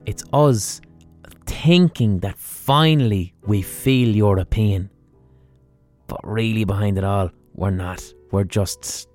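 A man's voice: on the low side, warm tone. An Irish man hosting a solo podcast, delivering a sweary, exasperated comedic rant full of rhetorical questions. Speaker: podcast host.

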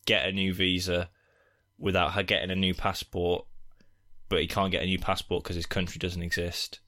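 Deep-voiced man, casual podcast chat. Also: little pitch movement, normal speed, sharp tone. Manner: explains in detail, restarts sentences. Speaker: podcast co-host. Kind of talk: casual film review chat.

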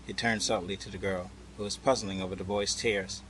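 A man narrating a storybook tale in a measured, unhurried way. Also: low-pitched, flat delivery, a bit bright, a little hiss or hum, rough recording.

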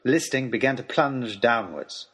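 A man narrating an adventure story in an expressive, dramatic reading style. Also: medium pitch, measured pace, breathy edge.

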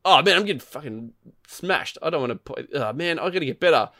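A man's voice: fairly high pitch, fast, no room sound, clean studio sound. A man chatting casually about a video game, telling rambling stories with plenty of swearing. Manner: rambling, profane, animated storytelling. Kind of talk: casual gaming chat.

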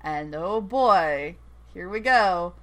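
Excitable woman recapping a show, laughing. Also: lowish voice, takes it slowly. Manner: excitable, laughs often, swears casually. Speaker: podcast co-host. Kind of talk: casual recap chat.

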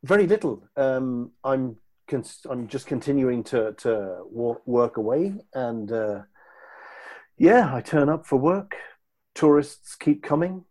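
A man's voice: mid-range voice, expressive, slow pace, darkish tone. An Irish man chatting as a guest on a podcast over a video call, with a dry, sardonic way of talking.

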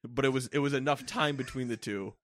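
A man's voice: medium pitch, a little fast. A man co-hosting a casual gaming chat, ranting and swearing for laughs in a mock-executive bit. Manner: animated, profane, mock-ranting. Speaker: podcast co-host. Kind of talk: casual comedic chat about games.

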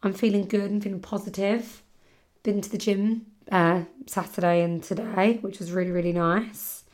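A young woman hosts her own podcast, chatting casually and rambling with lots of "like", her voice a little rough from a sore throat. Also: mid-range voice, steady tone, normal speed, darkish tone. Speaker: podcast host. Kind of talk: casual solo podcast chat.

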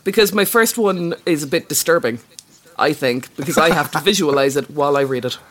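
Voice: mid-range voice, fairly quick, fairly bright tone. A podcast co-host chatting casually and trading dry, sarcastic quips. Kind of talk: casual comedic podcast chat.

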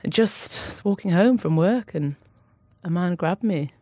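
A woman's voice: on the low side, animated, a little slow, warm tone, dry recording. A woman, an author guest on a podcast, speaking openly and emotionally, laughing between heavy admissions. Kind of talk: candid podcast conversation.

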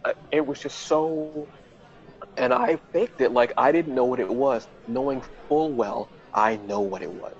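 A male podcast host telling a casual, self-mocking story and jumping into high, flustered voices when he quotes himself. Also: unhurried, muffled recording.

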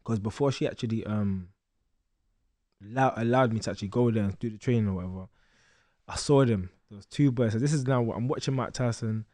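A young man telling a lively story as a podcast guest, acting out the voices of others. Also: fairly low pitch, brisk, dry recording. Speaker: guest boxer.

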